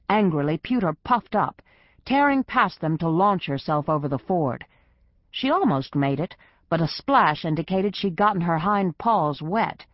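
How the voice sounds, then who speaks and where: A woman narrating an audiobook in a lowish, measured voice. The booth is dead dry and the sound is a little dull. She tells the story evenly and unhurriedly. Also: expressive, dry recording. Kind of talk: scripted narration.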